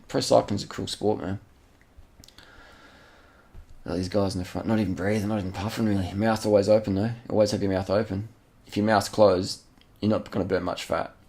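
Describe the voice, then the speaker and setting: Here a channel host narrates racing footage in a very low, gravelly voice. He's loose and worked up, repeating phrases and tossing in slang and casual swears the way you would with a buddy.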